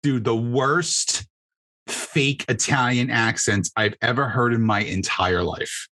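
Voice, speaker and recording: A man's voice: mid-range voice, slow pace, sharp tone, no room sound. A man co-hosting a casual podcast as a comedian, ranting sarcastically and swearing freely. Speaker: comedian co-host.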